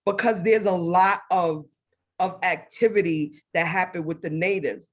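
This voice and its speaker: A woman telling a personal spiritual story as a guest, animated, acting out her own past words. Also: fairly low pitch, measured pace. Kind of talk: casual faith testimony.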